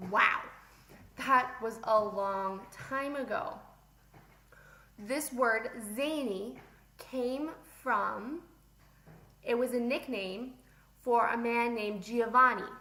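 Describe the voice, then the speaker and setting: A young woman leads a playful vocabulary lesson, chatting with a class only she can see. Her voice sits high and bright, and she takes her words slowly and deliberately. The sound rings in an echoey classroom. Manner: playful, animated, talks to pretend students. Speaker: teacher.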